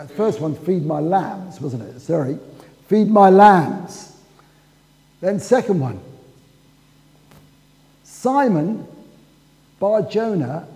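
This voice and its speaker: A man preaching in a church, his voice raised high for a man and mellow in tone. He tells the story at an unhurried pace and acts out the quoted dialogue. His words ring with a long reverb through the hall. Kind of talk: sermon.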